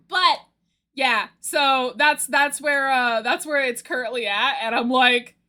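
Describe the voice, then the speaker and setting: A young woman streamer chatting casually, gushing excitedly about a story she loves and laughing often. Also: high-pitched, slow pace. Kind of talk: casual chat recapping a story.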